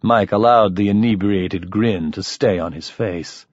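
A man narrating a first-person story in an expressive, lively manner. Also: fairly low pitch, a little slow, no echo, highs cut off. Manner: expressive, shifting voices for characters. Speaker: audiobook narrator.

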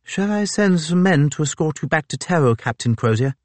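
An eager naval captain with a slight lisp, put on by a male audiobook reader. He talks in a raised, hurried voice, keen and a little nervous. The recording is close and dry. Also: on the high side, animated, darkish tone, no room sound, voice pushed up, lightly acted. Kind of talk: audiobook character voice.

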